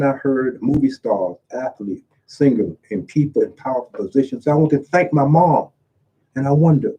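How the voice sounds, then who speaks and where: A man's voice: medium pitch, mellow, breathy edge, highs cut off. A middle-aged man, an author, reads from his book and reflects on it, asking earnest rhetorical questions in a preacher-like way. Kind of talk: reading and reflecting on his writing.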